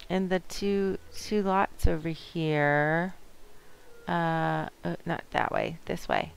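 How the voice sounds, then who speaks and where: A young woman hosting a let's play, chatting casually and excitedly, talking back to the characters on screen. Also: lowish voice, gravelly, clean tone. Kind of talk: casual gameplay commentary.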